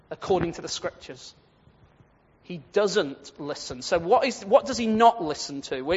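A man preaching a sermon on the Psalms, lively and animated, acting out quoted voices and laughing at his own points. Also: high voice. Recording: dull lo-fi sound with long hall reverb.

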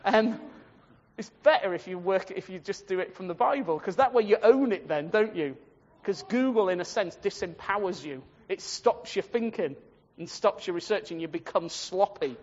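A man with a high voice gives an informal Bible lesson in a loose, rambling way, often checking in with his listeners. The sound is dull and muffled, with a long echo trailing off the walls. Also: expressive, normal speed. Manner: chatty, rambling, addresses listeners directly. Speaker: Bible teacher. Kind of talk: informal Bible study talk.

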